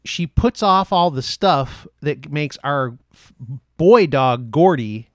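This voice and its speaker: Man, podcast host, casual joking chat, a bit high voice, dry close sound. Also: animated, slow pace, no echo. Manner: jokey, rambling.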